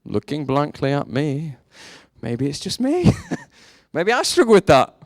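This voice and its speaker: A man preaching a sermon, telling a story and leaning on rhetorical questions, his voice jumping up high for emphasis. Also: unhurried, no room sound, studio quality. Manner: storytelling, animated, rises sharply for emphasis.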